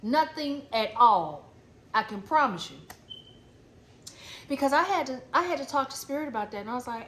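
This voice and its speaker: In an echoey room with faint background noise, a woman delivers a blunt spiritual pep talk full of repetition and casual cursing. Her voice sits high and a bit bright, expressive at a normal speed with long pauses.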